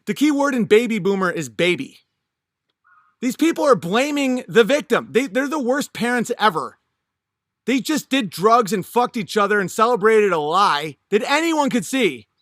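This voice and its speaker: High-voiced man on a profane rant. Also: big pitch swings, moderate pace, a bit bright, dry recording, studio quality. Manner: blunt, profane, ranting. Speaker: comedian.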